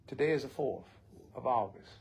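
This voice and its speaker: A man's voice: mid-range voice, expressive, moderate pace, a little mellow, a little hiss or hum. An older man, speaking bluntly and with heart in a recovery support circle, often swearing. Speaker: recovery group member.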